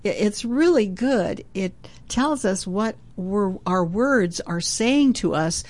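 An older woman talking about faith with her daughter, earnest and measured, quoting verses. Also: medium pitch, animated, a little mellow. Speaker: mother in a devotional chat. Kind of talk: faith talk, quoting scripture.

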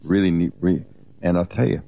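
A man's voice: deep voice, fairly quick, vocal fry, lo-fi sound. A man co-hosting a Christian teaching program, talking earnestly in a conversational, exhorting way, often restarting his sentences.

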